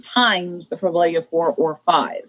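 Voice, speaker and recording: A woman's voice: on the low side, a little fast, fairly bright tone. A woman student answering her professor's questions in class, tentative and often phrasing answers as questions.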